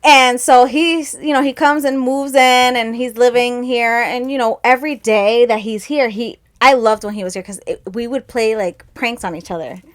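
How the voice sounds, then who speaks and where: A woman's voice: on the high side, fairly even intonation, normal speed, few pauses. A woman co-hosting a podcast who rambles through family stories in casual chat and laughs often. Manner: rambling storyteller, laughs often, acts out relatives' lines. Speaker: podcast co-host.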